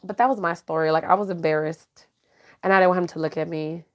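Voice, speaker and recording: A woman's voice: lowish voice, fairly even intonation, fast. Laughing woman podcaster, casual chat. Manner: laughs often, drops Spanish words. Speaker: podcast co-host. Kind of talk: casual chat reading live comments.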